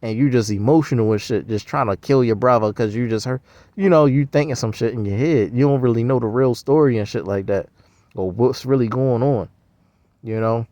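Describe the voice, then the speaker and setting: A man's voice: medium pitch, fairly quick, warm tone, dry recording, dull audio. A man rambling in a profane, slangy casual monologue. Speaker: vlogger.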